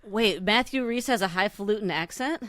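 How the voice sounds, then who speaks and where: A woman co-hosting a podcast in casual chat, reacting quickly and joking candidly. Her voice sits at a middle pitch for a woman. The sound is close and dry. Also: fairly bright tone, no room sound. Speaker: podcast co-host.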